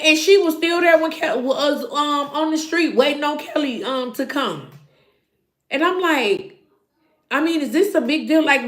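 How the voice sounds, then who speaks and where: High pitched lady going off about a show, acts out everybody, roomy echo. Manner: animated, acts out quotes, talks to viewers. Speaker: show reviewer host. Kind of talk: casual reality TV recap.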